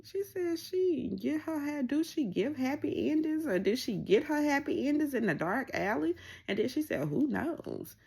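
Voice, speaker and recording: A woman's voice: normal speed, gravelly. A woman casually recapping a reality show, acting out what people said with big swings in her voice. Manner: animated, acts out quoted lines with pitch jumps.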